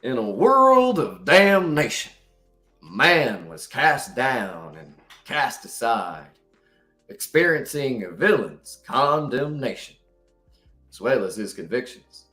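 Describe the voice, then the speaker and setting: A man putting on an old cowboy voice to recite a dark poem, with a slow, dramatic drawl. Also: mid-range voice, sing-song, soft background music, full character voice. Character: old cowboy storyteller at a campfire.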